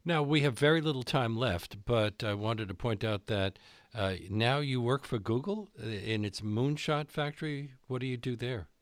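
A man's voice: medium pitch, moderate pace, no room sound. A man interviewing a guest, asking brief, direct questions.

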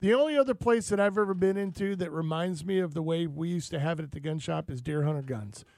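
A man's voice: on the high side, fast talker, creaky, a little mellow, dry recording. A man reminiscing in a casual chat, rambling with lots of fillers.

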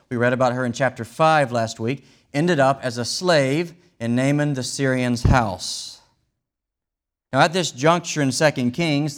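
A man preaching a sermon, explaining a scripture passage in a wry, conversational way with vivid retellings. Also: medium pitch. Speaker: pastor.

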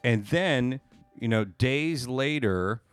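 A man's voice: medium pitch, expressive, takes it slowly, clean tone, dry recording, faint music behind. A man telling a long story in casual podcast chat, rambling with many fillers and casual swearing. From United States. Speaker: podcast co-host.

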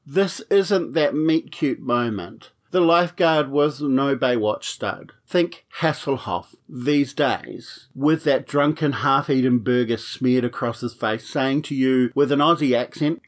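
Guy telling a funny messy dating story, frank, wry, swears a lot, mid pitch. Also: a little slow, hardly any pauses. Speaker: podcast storyteller. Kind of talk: comic personal storytelling.

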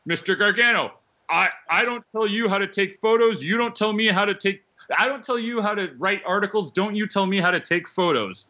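A man's voice: high voice, a little fast, bright, forceful tone, muffled recording, pitched above the performer's own voice. A man putting on the voice of an obstinate, condescending male rock star who lectures dismissively.

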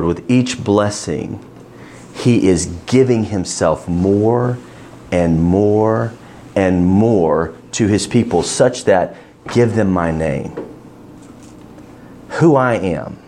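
Male Bible teacher, lowish voice, very animated delivery, quizzes the group, faint noise under the track. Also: slow. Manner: asks the class questions, animated emphasis. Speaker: teacher leading a Bible study.

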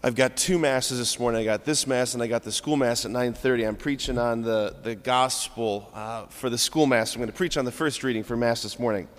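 Priest guy giving a chatty homily at mass, mid-pitched voice, long echo off the church walls. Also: steady tone, fairly quick, hardly any pauses. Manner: chatty and informal, often checking in with "right?"; acts out scripture lines in different tones. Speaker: Catholic priest. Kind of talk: conversational homily at morning mass.

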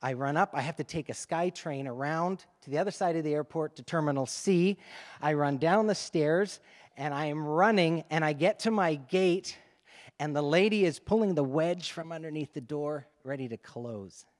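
A male pastor telling a lively story to his congregation during a sermon, in a conversational, animated way. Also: fairly high pitch, moderate pace, long reverb tail. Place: church sanctuary.

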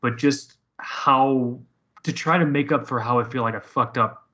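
A man's voice: medium pitch, measured pace, pushed and bright, dull audio. A man telling a personal story in casual conversation, profane and rambling with many restarts.

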